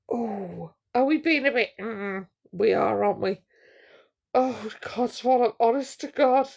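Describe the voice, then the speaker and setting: A woman's voice: fairly high pitch, unhurried, creaky, darkish tone. A woman hosting a casual live stream, chatting to viewers in a gossipy, teasing way.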